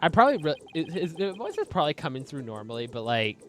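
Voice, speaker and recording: A man's voice: mid-range voice, animated, fast talker. A man hosting a co-op game playthrough, chatting casually with lots of restarts. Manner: rambling, full of restarts. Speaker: let's play host. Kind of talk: casual gaming commentary.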